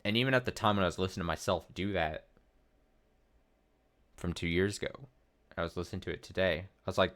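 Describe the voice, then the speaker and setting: A man's voice: low-pitched, fast, pauses often, fairly bright tone. A man in his thirties giving rambling, profane let's play commentary full of fillers and restarts. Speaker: streamer.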